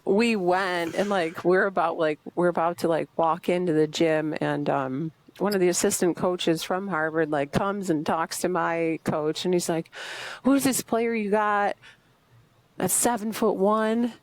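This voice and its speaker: A young adult woman co-hosting a podcast in casual chat, chatty and quick to laugh, with many fillers. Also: fairly low pitch, steady tone, no room sound. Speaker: podcast co-host.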